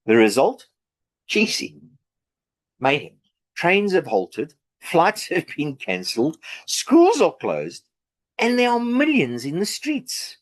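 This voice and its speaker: Animated, sarcastic South African man. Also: fairly high pitch, slow. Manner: sarcastic, animated, with many fillers. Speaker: political commentary vlogger. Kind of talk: opinionated political rant.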